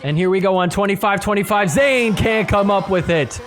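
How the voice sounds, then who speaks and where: Excitable man calling play-by-play. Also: high-pitched, normal speed, faint music behind. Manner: excitable, gets loud at big points. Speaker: podcast host. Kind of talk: play-by-play recap commentary.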